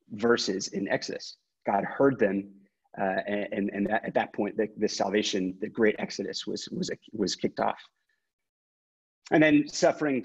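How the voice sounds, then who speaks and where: Earnest pastor on a husky video call. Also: male voice, fairly low pitch. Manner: earnest, many fillers and restarts, reads scripture aloud. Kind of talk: interfaith panel talk on video call. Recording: dull lo-fi video call audio.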